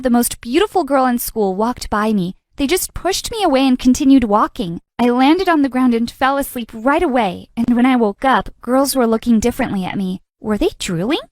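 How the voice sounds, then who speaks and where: A woman telling a first-person animated story in a dramatic, expressive narration. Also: on the high side, no room sound, clean studio sound. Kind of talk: scripted narration.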